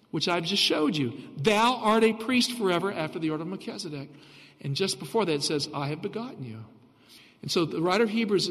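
A man preaching a radio sermon, reading scripture slowly and with emphasis. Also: high voice, a bit bright, in a large hall. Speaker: pastor.

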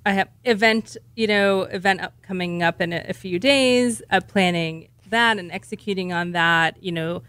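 A woman's voice: medium pitch, normal speed, hardly any pauses, fairly bright tone, smooth, dry recording. A woman chatting casually on a podcast segment, candid and rambling, frank about her own habits. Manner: candid, self-deprecating, rambling. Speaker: segment co-host. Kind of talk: casual chat.

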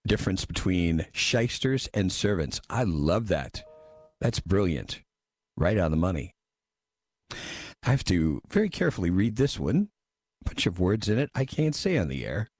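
A man's voice: deep voice, sing-song, a little slow, darkish tone, slightly rough, no echo. A man hosting a talk radio show, reading listener messages and giving wry, emphatic commentary into a studio microphone.

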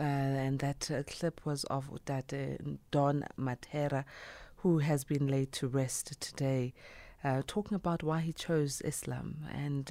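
A man's voice: medium pitch, mellow, no room sound. A man hosting a radio show, talking in an earnest, reflective way with frequent fillers. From South Africa. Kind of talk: casual radio show talk.

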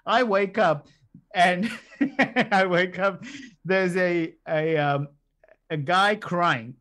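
A middle-aged man telling a story in casual chat. He is animated, swears freely and acts out what other people said. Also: sits high, slow. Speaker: podcast guest telling a story.

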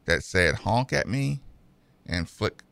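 A male radio host chatting casually and telling stories with animated energy. His voice is gravelly and bright, and it moves all over in pitch. It's recorded close and dry. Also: slow pace, no room sound. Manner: animated storyteller.

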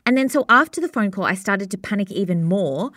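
A woman's voice: medium pitch, animated, brisk, fairly bright tone, no room sound, clean studio sound. A pregnant woman in her thirties, co-hosting a podcast and telling stories in a chatty way with frequent laughs. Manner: chatty storyteller, laughs often. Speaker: podcast co-host. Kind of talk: casual chat.

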